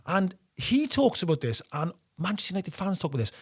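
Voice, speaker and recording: A Welsh man in middle age co-hosts a casual podcast chat, telling anecdotes with plenty of laughter. His voice sits a little high for a man. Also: brisk, slightly rough. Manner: animated, laughs while telling stories. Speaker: podcast co-host.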